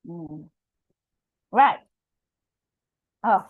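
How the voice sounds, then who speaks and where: A woman with an Indian English accent leading a storytelling workshop over a video call, encouraging and halting, with frequent fillers. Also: lowish voice, lively intonation, slightly rough, dry recording, narrow, tinny audio. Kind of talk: online workshop teaching.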